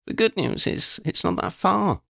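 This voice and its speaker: Male narrator doing a decisive young woman leader, kind but firm, storybook reading with a low gravelly base voice. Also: animated, normal speed, pushed and bright, no room sound, studio quality, exaggerated voice. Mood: firm, reassuring. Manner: reassuring, decisive. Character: young witch leading a group, calm, firm, kind.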